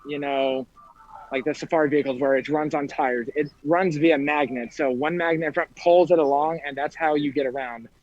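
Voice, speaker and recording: A man's voice: a little high, fairly even intonation, normal speed, a little mellow. A man co-hosting a casual podcast chat from out in a theme park, talking through earbuds, playful with jokey asides. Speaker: podcast co-host. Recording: dull lo-fi sound.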